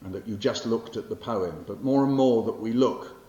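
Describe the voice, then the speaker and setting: A man's voice: on the low side, normal speed, mellow. A man in his sixties from England, a poet giving a public lecture in a library hall, who talks in a wry, conversational way with fillers and self-corrections. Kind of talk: lecture with poetry readings. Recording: roomy, muffled hall recording with faint hiss.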